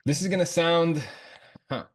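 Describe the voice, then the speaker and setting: A man's voice: fairly high pitch, normal speed. A man talking through trades on a livestream, slangy and casual, swearing, laughing often and thinking aloud. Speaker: trader streaming his chart analysis. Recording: voice from a distant mic.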